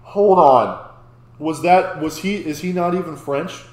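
A man talking through a reaction video in an excitable, tumbling way, starting sentences over as he goes. His voice sits a little high, and the room around him rings with echo. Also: moderate pace. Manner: excitable, restarts and stammers when amazed. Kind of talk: casual reaction commentary. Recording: echoey room.

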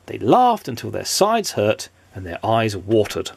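A man's voice: lowish voice, wildly swooping pitch, a little slow, vocal fry, breathy edge, no echo. A father reading a children's story aloud in a playful, sing-song way.

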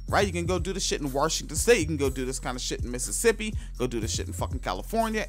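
A man hosting a podcast, reading a news article aloud in a halting way, full of fillers, and breaking off into loud, profane asides. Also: medium pitch, animated, faint music behind. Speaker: podcast host.

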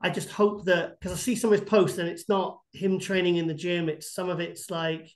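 A man, a guest on a podcast interview, telling rambling, animated anecdotes full of fillers and restarts. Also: high voice, normal speed. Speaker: bodybuilding guest expert.

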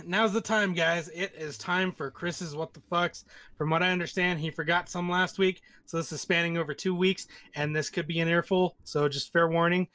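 A man co-hosting a podcast, bantering in animated casual chat. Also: a little high, moderate pace. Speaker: podcast co-host.

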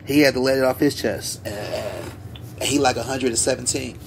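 A man co-hosting a podcast, telling stories in a loose, animated way with plenty of slang and asides. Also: medium pitch, normal speed, creaky, slight background noise. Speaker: podcast co-host. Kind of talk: casual podcast chat.

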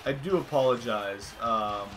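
A man's voice: mid-range voice, unhurried, over music. Young man cursing at a wrestling game. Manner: swearing, yelling at the game. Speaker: gaming channel host. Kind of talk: casual let's-play commentary. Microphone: desk microphone.

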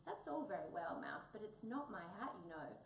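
A woman's voice: mid-range voice, big pitch swings, normal speed, creaky. A woman voicing an eager, childlike young male wombat in a storybook, heard in an echoey room from a distance with faint noise.

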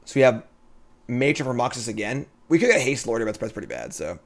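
A male streamer talks through a card game in casual commentary, his pitch swinging widely between murmured thinking and loud outbursts. He addresses his chat directly, mulling over plays before erupting with excitement. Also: a little fast.

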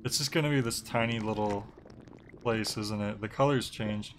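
A man streamer giving relaxed game commentary with laid-back, wry asides. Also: lowish voice, moderate pace, background noise. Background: game music.

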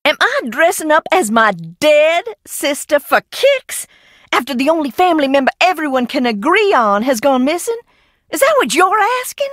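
A woman's voice: high-pitched, big pitch swings, normal speed, fairly bright tone, no echo, clean studio sound. An actress playing an eccentric, mocking young woman hiding in an old mansion in a video game, talking with sardonic, theatrical swings. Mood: indignant. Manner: sardonic, theatrical, swinging between taunts and outbursts.

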